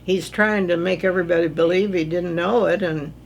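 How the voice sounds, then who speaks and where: Older woman, radio guest, gravelly, matter-of-fact. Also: fairly low pitch, fairly even intonation, fairly quick, slight background noise. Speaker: guest, former politician. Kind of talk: radio interview answers.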